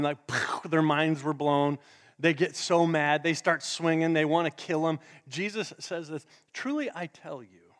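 A male pastor preaching a sermon to a live congregation, dramatic, swinging between loud emphasis and hushed asides. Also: on the high side. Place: church sanctuary with a live congregation. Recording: long church hall reverb.

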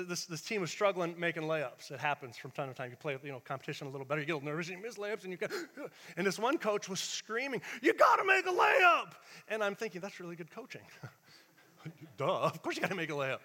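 Animated high-voiced preacher in echoing church. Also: male voice. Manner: animated, acts out quoted voices, shifts between shouting and hushed asides. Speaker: pastor. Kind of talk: sermon.

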